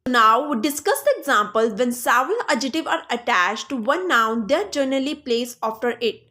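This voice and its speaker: A woman teaching an English grammar lesson, reading example phrases slowly and often asking her listeners whether they understand, with small grammar slips. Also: on the high side, expressive, sharp tone. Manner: repeats "Understand?" to check on listeners.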